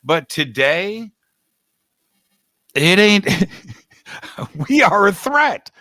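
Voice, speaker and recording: Man, guest host, casual rambling chat, slangy, unhurried, dry close sound. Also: sits high, big pitch swings, pushed and bright, no room sound. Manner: rambling, laid-back, slangy.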